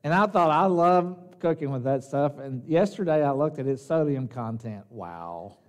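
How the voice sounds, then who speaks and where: A slightly higher-voiced man with a Southern US twang delivers a sermon in a folksy, chatty manner. He tosses in joking asides, then slows down to stress key phrases. The sound rings with the long reverb of a church sanctuary. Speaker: pastor.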